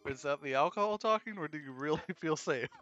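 A man playing in a tabletop game, asking soft, teasing questions. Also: fairly high pitch, expressive, fast talker, highs cut off, faint music behind. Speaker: player. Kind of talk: casual tabletop role-play chat.

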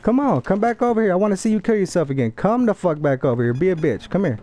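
A young man with a high, warm voice talks fast with lively intonation over a headset mic while streaming online play. He trash-talks other players, taunting them, swearing, and bragging.

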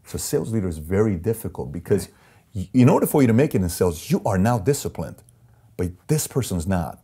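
A man's voice: low voice, very animated, brisk, mellow, husky. A man telling stories from his business life as an interview guest, in an intense, emphatic way, acting out the voices of the people he quotes. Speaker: interview guest, company CEO. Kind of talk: storytelling in a sit-down interview.

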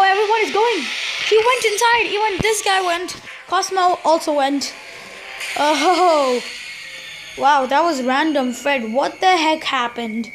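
A woman hosting a let's play, excitable and jokey, exclaiming at every surprise. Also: high voice, noisy background. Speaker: gaming channel host. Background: game music.

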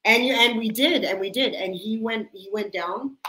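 A woman's voice: on the high side, normal speed, bright, forceful tone, echoey room, a little hiss or hum, poor audio. A woman from Canada hosting a casual chat, telling stories and laughing often. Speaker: host.

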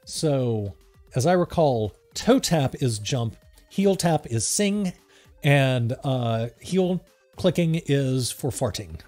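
A man's voice: mid-range voice, slow, faint music behind. A man hosting a let's-play, reading a text adventure aloud with playful emphasis. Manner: lively, reads with playful emphasis, laughs along.

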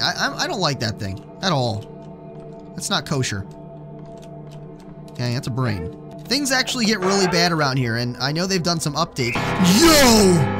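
A young man commenting on a horror game as he plays, joking and swearing when startled. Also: on the high side. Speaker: let's play gamer.

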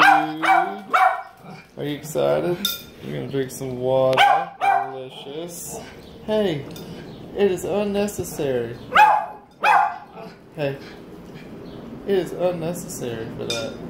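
A woman's voice: low voice, takes it slowly, vocal fry, pauses often, very noisy. A woman vlogger talking to her pet dogs in a coaxing, praising pet-talk voice. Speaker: dog owner vlogger. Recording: loud dogs barking behind. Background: dogs barking.

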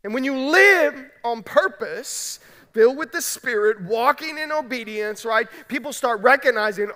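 A man's voice: very high voice, lively intonation, fairly quick, pushed and bright, long reverb tail. A man preaching a sermon as pastor, emphatic and conversational, often checking in with the congregation. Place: large church sanctuary.

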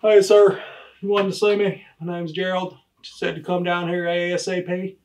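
A man plays a clueless border patrol officer in a comedy sketch, eager and deferential, saying sir at every turn. His voice sits high for a man, and he rambles through flustered excuses. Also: little pitch movement, moderate pace, darkish tone, slight background noise, natural voice.

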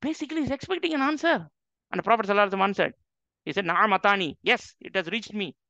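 The voice is high, bright, and forceful with vocal fry, delivered at a rapid-fire pace. It belongs to a man teaching on the Quran as an Islamic teacher, stressing points and posing rhetorical questions to the audience. The dull lo-fi recording is dry, with no echo.

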